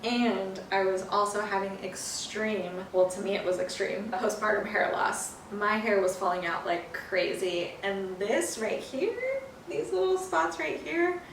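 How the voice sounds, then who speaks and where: A young woman from California chatting about her life in a casual video diary, telling her story with animated energy. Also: medium pitch, measured pace, hardly any pauses. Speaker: vlogger. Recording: roomy, from a distance, faint hiss.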